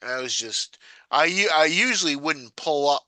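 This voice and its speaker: This meeting participant's voice is expressive and sharp in tone, at normal speed, recorded without echo. Chatting casually on a video call, he wanders from story to story, putting on a high voice to imitate others.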